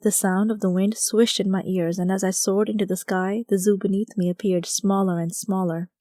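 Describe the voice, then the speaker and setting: A woman narrates a first-person audiobook with a mellow, relaxed tone. She tells the story conversationally and slips into the dialogue. The recording is close and dry. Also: mid-range voice, moderate pace, dry recording.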